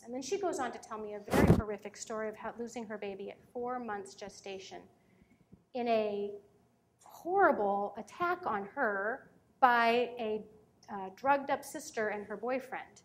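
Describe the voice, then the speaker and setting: Earnest woman in her thirties, storytelling speaker, slightly high voice. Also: moderate pace. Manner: earnest, storytelling, turns emotional. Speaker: speaker on parenting. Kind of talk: personal talk to an audience.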